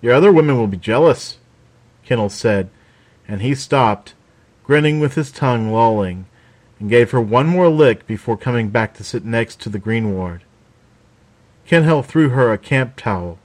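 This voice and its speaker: A man narrating a fantasy story aloud with a steady, even reading. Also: medium pitch, a little slow.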